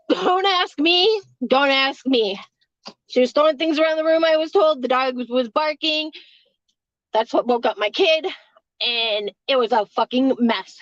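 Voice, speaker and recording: A woman's voice: high-pitched, no room sound, lo-fi sound. A woman who works a hotel front desk, telling a story casually, rambling, swearing freely and laughing between lines.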